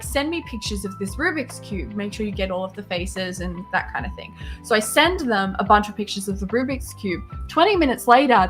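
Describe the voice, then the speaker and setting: A woman co-host telling a story in casual chat, lively and swearing. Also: a little high.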